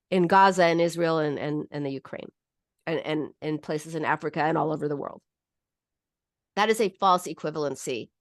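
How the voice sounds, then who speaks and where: A woman's voice: medium pitch, dry recording, studio quality. A woman psychologist talking straight to her viewers and giving advice, acting out the feelings she quotes and laughing at herself now and then. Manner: animated, acts out quoted feelings, self-mocking laughs. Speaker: psychologist and host. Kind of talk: advice talk to camera.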